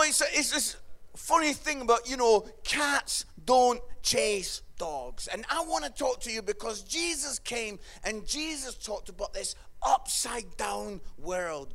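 A man preaching a humorous sermon in a chatty way, often asking "yeah?" and acting out what people say. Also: a bit bright. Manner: acts out quoted voices, dropping low for the kids and listeners.

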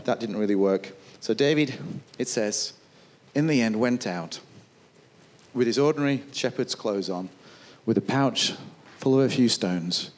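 A man preaching a sermon, retelling a Bible story with lively asides and putting on quick voices for the people in it. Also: mid-range voice. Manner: acts out voices of soldiers and kings; chuckles and asides.

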